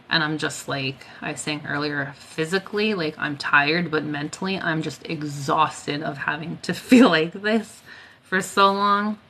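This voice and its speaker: A low, gravelly-voiced woman chats casually on a livestream, tired and worn out, with plenty of fillers. Her tone is bright and a little edgy, and a faint noise hums under the recording. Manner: chatty, many fillers, answers viewer comments. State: tired, coughing. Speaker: Reiki healer, livestream host.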